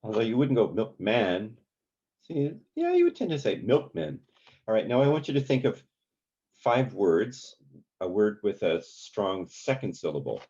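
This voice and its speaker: A man leading a community songwriting workshop, talking in a relaxed, halting way with many ums and sung examples. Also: lowish voice, slightly rough, highs cut off. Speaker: songwriting teacher.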